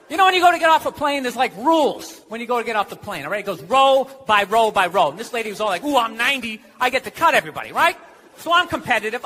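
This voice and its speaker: A man doing a stand-up comedy routine on stage, ranting sarcastically and shouting his punchlines. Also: extremely high pitch. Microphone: handheld stage mic. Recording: live stage with loud crowd laughter and noise. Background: audience laughing.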